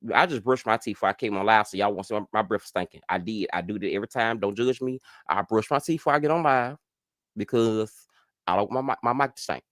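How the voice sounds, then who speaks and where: A man hosting a casual live stream, chatting to viewers and getting animated as he reacts to gossip. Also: quick pace, no echo, studio quality. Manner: animated, chatty, jumps high in pitch when outraged. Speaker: host.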